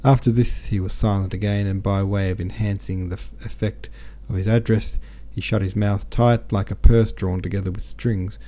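A man narrating a classic novel as an audiobook, his voice dark and mellow with a lowish pitch. He reads in a measured, even way. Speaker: podcast host reading a classic novel.

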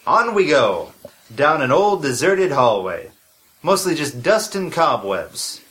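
A man voicing a sarcastic, grumpy adventurer in a comedy audio drama, with a deadpan delivery. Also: on the high side, slow.

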